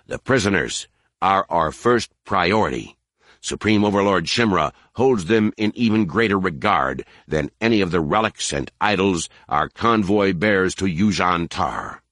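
A man's voice: low-pitched, animated, measured pace, fairly bright tone, no room sound, clean studio sound, exaggerated voice. A man reading an audiobook, voicing a tired, towering alien commander who lectures sternly. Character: weary towering male alien war commander.

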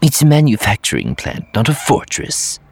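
A man voicing a clever, self-assured male spy advisor who talks in a brisk, reassuring way. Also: lowish voice, big pitch swings, husky, no echo, pitched above the performer's own voice, heavily acted. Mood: confident.

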